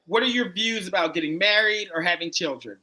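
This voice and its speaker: Male dating-show host, high bright voice, chatty, echoes answers back. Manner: chatty, quick reactions, repeats answers back. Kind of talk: live-streamed dating interview.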